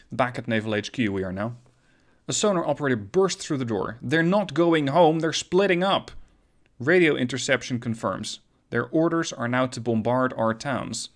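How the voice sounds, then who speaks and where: Gaming guy reading out a naval war story, relaxed, mid-pitched voice, chill asides with some uhs. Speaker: gaming video host. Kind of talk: reading a scenario story aloud.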